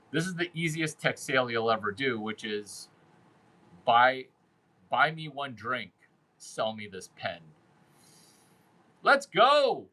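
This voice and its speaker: A man's voice: medium pitch, sharp tone, poor audio. A man hosting a casual monologue, brash and crude, who repeats phrases for emphasis. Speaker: host giving dating and sales advice.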